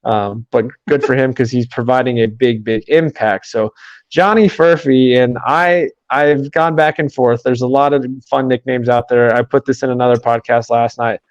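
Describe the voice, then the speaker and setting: A man hosting a sports podcast, talking quickly in run-on sentences with many fillers. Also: mid-range voice, fairly even intonation, no echo, highs cut off. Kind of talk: casual sports podcast chat.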